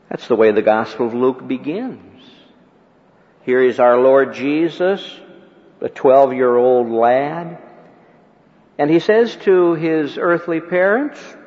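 A male preacher delivering a sermon, swinging between ringing emphasis and hushed, near-whispered words, with slow, deliberate rhetorical questions. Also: mid-range voice, lively intonation. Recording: dull lo-fi recording with long hall reverb.

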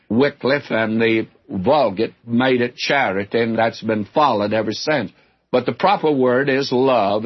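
A man's voice: mid-range voice, slightly rough. An older man teaching the Bible in a folksy, earnest sermon, with chuckling asides. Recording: dull lo-fi old recording.

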